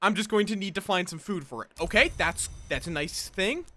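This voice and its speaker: A man's voice: high voice, animated, brisk, bright, forceful tone. A tired man streaming a game, muttering to himself and thinking aloud as he plays. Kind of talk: casual gameplay commentary.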